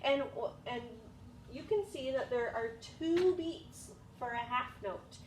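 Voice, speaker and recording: A woman's voice: sits high, slow pace. Patient woman music teacher, echoey room. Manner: patient, encouraging, sings examples. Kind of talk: elementary music lesson. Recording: echoey room, distant mic, noisy.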